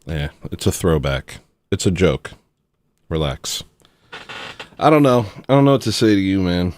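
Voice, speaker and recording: Low-voiced man ranting dismissively on a stream. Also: big pitch swings, normal speed, a little mellow. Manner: dismissive, rambling, sarcastic. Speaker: livestream host. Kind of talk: casual livestream rant.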